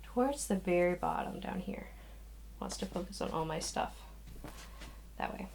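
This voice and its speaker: A woman's voice: lowish voice, expressive, normal speed, a little mellow, whispered. A young woman chatting casually to camera from a small craft room at home, a little out of breath, rambling with sighs and restarts. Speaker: knitting podcast host. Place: small spare room used as a craft nook. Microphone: camera, moving in and out of frame.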